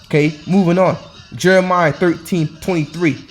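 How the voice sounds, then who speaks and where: A man with a notably high voice preaches in a loose, colloquial way. He hammers each point with rhetorical questions and frequent restarts. Faint music plays behind him. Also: fairly even intonation, moderate pace. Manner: hectoring, repeats himself with rhetorical questions. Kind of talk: informal scripture-reading sermon.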